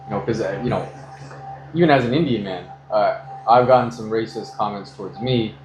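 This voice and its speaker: An American man chatting casually during a haircut, telling animated stories and swearing freely. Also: on the low side, a little fast, echoey room, over music, poor audio. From United States. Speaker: customer getting a haircut. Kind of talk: casual chat, storytelling.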